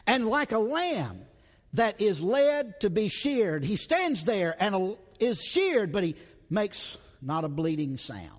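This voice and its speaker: Guy preaching a sermon, high lively voice, slow and dramatic, trails off into a hush, echoey hall. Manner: dramatic, repeats rhetorical questions, stretches words, drops to a hush. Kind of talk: expository sermon.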